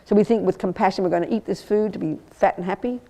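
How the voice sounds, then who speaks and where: A fast-talking older nun with a medium-pitched, dark voice teaches the dharma emphatically in a meditation centre hall. As she explains, she keeps repeating herself and starting phrases over.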